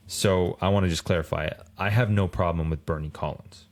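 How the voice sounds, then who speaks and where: A man co-hosting a racing podcast in casual chat, rambling and animated, full of fillers. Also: low voice, brisk. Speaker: podcast co-host.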